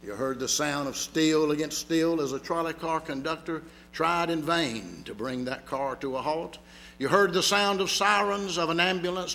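A man preaching a sermon, telling a story dramatically and swinging from loud to hushed. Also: on the high side. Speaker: pastor.

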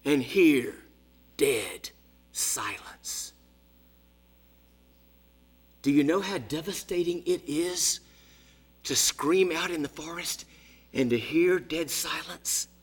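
A man in his sixties preaching a sermon as a story, dramatic, dropping to hushed whispers and rising to shouts. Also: a little high, animated, slow, slightly rough. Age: 60s.

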